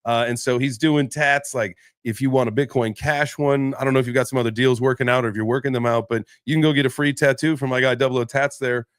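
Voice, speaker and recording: A man's voice: mid-range voice, fairly even intonation, fast, few pauses, no echo, studio quality. A man hosting a casual live crypto chat, laid-back and chatty, greeting guests as brother. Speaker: host.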